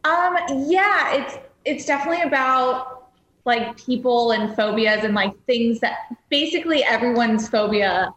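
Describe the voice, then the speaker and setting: A woman speaks loosely and rambles with fillers, in a slightly high voice. She sounds echoey, coming in over a video call. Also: unhurried, a bit bright. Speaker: guest actress.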